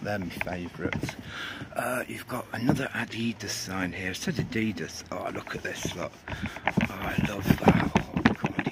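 A man's voice: low-pitched, gravelly, heavy background noise. A man from England rambling through a casual outdoor shoe review, joking and swearing under his breath as he films on a cold day. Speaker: sneaker reviewer.

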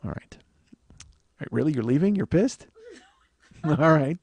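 A man in his forties hosting a comedy podcast, telling stories in an animated, profane, ranting way. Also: a little high, a little slow, slightly rough, dry recording. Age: 40s. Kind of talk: comic storytelling monologue.

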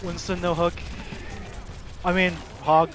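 A man in a game voice chat, calling out loudly and excitedly to his team. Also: high-pitched, slow pace, noisy background. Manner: loud, excited shouted callouts. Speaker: teammate.

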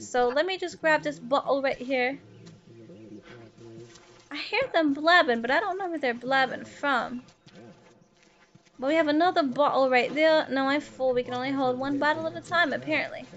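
A woman's voice: high-pitched, fairly bright tone, highs cut off. A woman livestreamer chatting casually and profanely with her chat while she plays a game. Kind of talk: casual live-stream chat while gaming.

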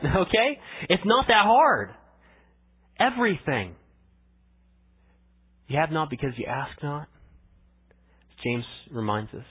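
A man preaching a sermon as pastor, conversational, swinging between emphatic lines and hushed asides. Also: a little high, husky. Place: church sanctuary. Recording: tinny phone-like church audio.

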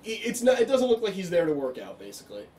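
A man with a Brooklyn accent narrating a tabletop game as game master, halting and casual. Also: high-pitched, wildly swooping pitch, dark tone, far from the mic. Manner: casual, halting, laughs often.

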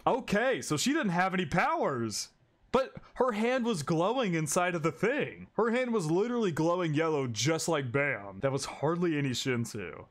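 A man's voice: on the high side, lively intonation, moderate pace. A man reacting to an anime, casual and exasperated, repeating himself and swearing often.

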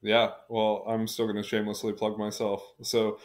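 A man with a low, level voice wraps up his podcast episode. He sounds relaxed and unhurried as he points listeners to his pages. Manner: relaxed, even-toned, plugging links. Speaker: podcast host. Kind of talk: casual podcast sign-off.

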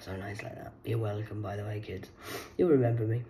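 Blunt, low-voiced middle-aged Englishwoman. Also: steady tone, a little fast, warm tone, rough recording. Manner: blunt, rambling, sweary. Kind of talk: casual monologue.

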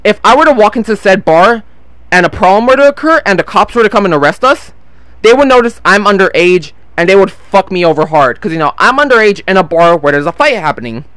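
A man's voice: high voice, sing-song, quick pace, fairly bright tone, smooth, dry recording. A nineteen-year-old man telling a long story in a casual, rambling way while playing a game, swearing freely and losing track of names. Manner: rambling, swears freely, loses his train of thought. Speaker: gameplay vlogger. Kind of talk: casual storytelling over gameplay.

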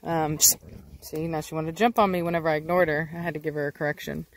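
A woman hosting a casual dog vlog outdoors. She explains training in a chatty way and switches to coaxing baby talk and sharp commands for her dogs. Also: sits low, little pitch movement, fast, no echo. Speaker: dog breeder and channel host.

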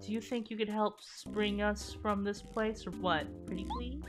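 A woman reading the lines of a spunky, defiant young female bomb creature from a game, lively and at times shouting in outrage. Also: mid-range voice, normal speed, pitched above the performer's own voice, lightly acted. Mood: chatty. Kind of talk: reading game dialogue aloud. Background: game music.

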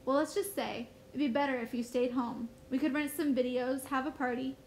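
A woman's voice: high voice, fairly even intonation, moderate pace, slight background noise, rough recording. A woman teacher reading aloud as an anxious mother who urgently insists on being heard. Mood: insistent. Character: anxious mother shaken by a dream.

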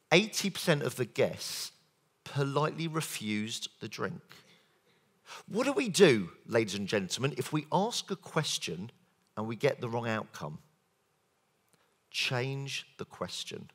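A man giving a lively conference keynote as a sales trainer, quizzing the audience with show-of-hands questions and quick jokes. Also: mid-range voice, husky. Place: conference hall.

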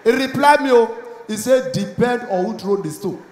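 A man with a Nigerian accent performing stand-up, acting out both sides of a story in Pidgin and rising to shouts at the punchlines. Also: very high voice, normal speed. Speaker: stand-up comedian. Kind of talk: stand-up comedy routine. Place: comedy club stage with a live audience. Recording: echoey live venue, faint crowd noise.

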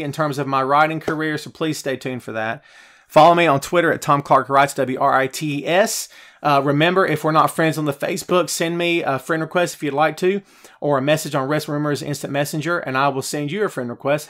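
A man hosts a live wrestling talk show, his voice sitting a little high. He rants and argues with his viewers' comments, keeps asking whether they follow him, and sounds a bit winded from all the venting. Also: quick pace. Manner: animated, rhetorical, ranting to viewers. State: out of breath. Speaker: podcast host.

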